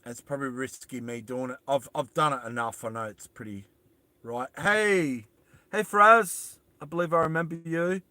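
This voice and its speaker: A man's voice: medium pitch, normal speed, pushed and bright, no echo. An Australian man streaming live from inside his van, rambling casually and greeting viewers as they join. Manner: rambling, greets viewers and answers chat aloud. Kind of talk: casual livestream chat.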